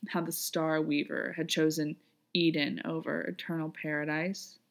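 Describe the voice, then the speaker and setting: Haughty, mocking male archangel, loud and lofty, read by a woman. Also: sits low, little pitch movement, moderate pace, vocal fry. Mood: scornful.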